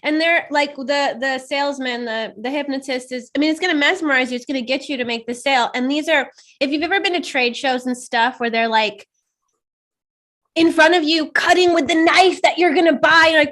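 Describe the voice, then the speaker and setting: A woman co-hosting a casual chat, animated and quick to laugh, acting out quoted dialogue and swearing casually. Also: high-pitched. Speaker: podcast co-host.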